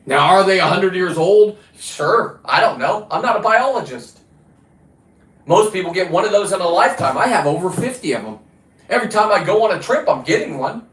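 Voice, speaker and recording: A man's voice: high-pitched, expressive, fairly quick, fairly bright tone. Profane ranting middle-aged man, roomy sound. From California. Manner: blunt, profane, rambling rant. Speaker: livestreaming diver and fisherman. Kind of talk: ranting livestream monologue. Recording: roomy echo.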